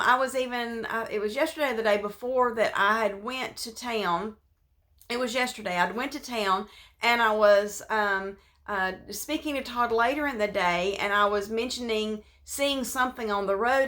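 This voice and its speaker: A woman giving an informal devotional talk, speaking conversationally with many fillers and restarts, and dropping to a soft, hushed voice when she voices prayers. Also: a little high, moderate pace.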